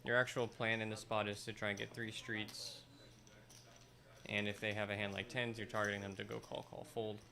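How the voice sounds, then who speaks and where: A man giving measured, strategic live commentary on a poker game. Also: lowish voice, flat delivery, vocal fry, bright, forceful tone.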